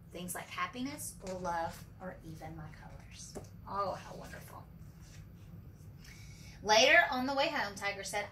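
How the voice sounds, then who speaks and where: A woman preschool teacher reading a picture book aloud to young children, animated for the character lines and asking the kids questions. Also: medium pitch, normal speed, vocal fry. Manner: asks children questions and calls them friends. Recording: distant from the mic with faint background noise.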